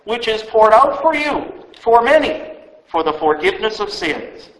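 A man voicing a calm male teacher speaking solemn, tender last words, recorded in a roomy space. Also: sits high, a little slow, voice pushed up, heavily acted. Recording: roomy echo.

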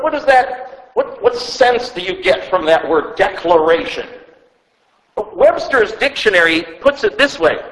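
A man's voice: sits high, a bit bright, roomy sound, in a large hall, poor audio. A man preaching a sermon as pastor, speaking emphatically and asking the listeners rhetorical questions, sometimes repeating words as he goes. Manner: stumbles and repeats words when speaking off the cuff.

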